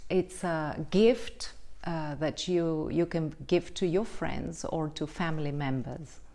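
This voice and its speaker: A woman teaching English pronunciation in an online lesson, explaining slowly and deliberately and checking in often with the learner. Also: low-pitched, warm tone. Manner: slow, deliberate, explanatory with frequent checks like "right?".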